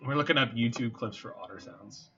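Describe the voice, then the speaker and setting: A man's voice: mid-range voice, fairly quick, sharp tone, husky. A man giving casual commentary over a card game, thinking aloud with a wry, muttering manner. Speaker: game streamer. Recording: slightly dull home mic with faint noise.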